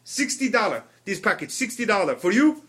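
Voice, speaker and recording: Man imitating a high, wheedling mall salesman with an Israeli accent, pushy, broken English, podcast anecdote. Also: big pitch swings, fairly quick, a bit bright. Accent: put-on Israeli accent. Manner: wheedling, broken English, keeps saying buddy.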